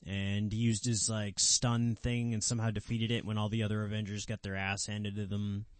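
Podcast guy, the comics know-it-all, lowish voice, strings plot recaps together with "and then", dry sound. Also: flat delivery, moderate pace, no echo. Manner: recaps plots in long run-on stories. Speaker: podcast co-host, comics expert. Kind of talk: casual fan chat.

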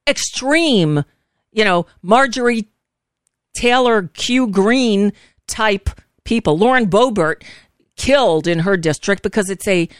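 A woman's voice: mid-range voice, smooth, dry recording, clean studio sound. Frazzled, outspoken woman talk host. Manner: emphatic and outspoken, curses freely. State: frazzled, worn out. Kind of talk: political talk radio, casual and heated.

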